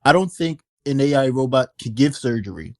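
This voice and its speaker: A man speaking up in a live audio room, casual and laid-back. He rambles a bit as he agrees with the host. His voice sits at an ordinary middle pitch. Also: expressive, a little fast. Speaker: guest speaker in live chat. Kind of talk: casual chat.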